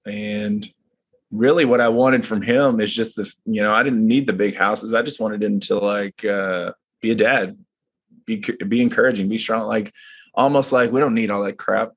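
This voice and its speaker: A man's voice: on the low side, steady tone, moderate pace, fairly bright tone, husky. A man who leads a men's group, talking in casual chat and telling personal stories in an earnest, reflective way.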